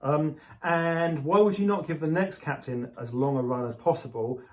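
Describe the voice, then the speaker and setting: A man's voice: a little high, normal speed, a little mellow. A man co-hosting a cricket podcast, talking casually with frequent stumbles and restarts. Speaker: podcast co-host.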